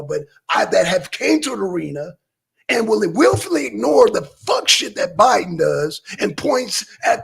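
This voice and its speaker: A man's voice: high-pitched, vocal fry, breathy edge. A male livestream host talking politics in a blunt, profane, heated way from home. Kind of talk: political talk stream.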